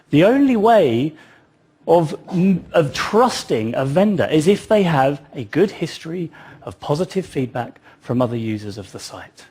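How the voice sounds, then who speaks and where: A man's voice: mid-range voice, darkish tone, breathy edge. A man giving a public talk, telling it as a story with wry asides. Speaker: speaker.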